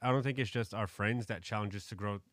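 Low-voiced man in casual faith talk. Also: fast talker, fairly bright tone, dry recording, clean studio sound. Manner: conversational, many fillers like "you know, like".

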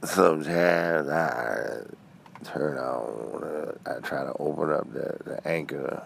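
A man calling in to a casual show, rambling and halting, cursing offhandedly. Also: a bass voice, vocal fry, a little hiss or hum. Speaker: caller. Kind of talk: casual chat.

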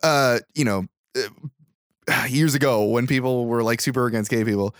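A man's voice: mid-range voice, fairly even intonation, moderate pace, no room sound, clean studio sound. A young man co-hosting a podcast, thinking aloud about a film in a casual, hesitant way, often repeating words as he searches for them. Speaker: podcast co-host. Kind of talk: casual movie discussion.

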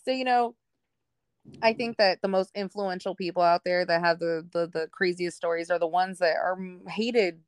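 Young woman on a podcast, lowish voice, dry close sound, super candid, laughs a lot. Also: steady tone, normal speed, smooth, dry recording. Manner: candid, laughs often, acts out quoted people. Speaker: podcast guest. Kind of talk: candid casual conversation.

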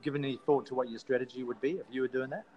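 Australian male co-host, loose rambling banter, ordinary middle pitch. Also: fairly even intonation, racing, mellow, lo-fi sound. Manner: rambling, teasing, with many fillers and restarts. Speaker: podcast co-host. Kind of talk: casual podcast chat.

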